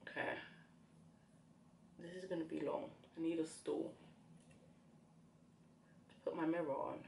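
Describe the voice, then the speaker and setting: Soft low-voiced young woman, hesitant chat. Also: steady tone, unhurried, gravelly, slight background noise. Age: young adult. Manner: soft, hesitant, full of fillers. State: tearful. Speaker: beauty vlogger. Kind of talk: casual chat while doing makeup.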